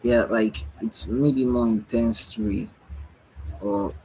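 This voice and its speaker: A man's voice: on the low side, steady tone, breathy edge, rough recording. A tired man giving a musing spiritual monologue late at night, sighing and yawning as he talks. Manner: slow, musing, with sighs and yawns. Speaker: spiritual speaker.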